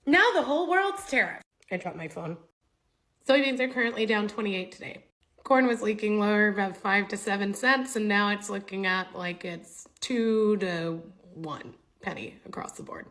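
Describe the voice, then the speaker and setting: A woman's voice: medium pitch, expressive, normal speed, a bit bright, rough recording. A woman with a mid-range voice speaks frankly as a farmer. She sounds emphatic and direct.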